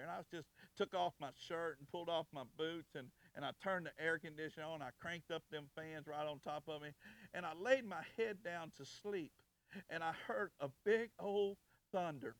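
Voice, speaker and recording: A man, preaching in church, swinging from loud, rising exhortation to soft, intimate storytelling. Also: on the high side, no echo. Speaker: pastor. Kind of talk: sermon.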